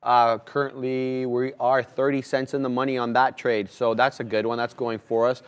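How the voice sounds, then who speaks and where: A man's voice: mid-range voice, flat delivery, normal speed, clean tone. A man co-hosting a live trading show, steadily explaining trades and chart setups.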